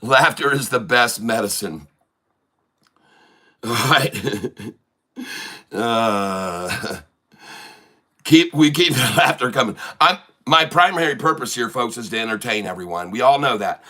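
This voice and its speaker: A man's voice: mid-range voice, animated, unhurried, pauses often, pushed and bright. A man from Michigan hosting a casual stock-trading livestream, joking, rambling and laughing often.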